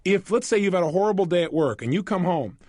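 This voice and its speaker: A man talking through a recorded self-help program, animated, asking the listener questions and acting out quoted voices. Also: high voice, fast, no room sound, studio quality. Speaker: motivational speaker.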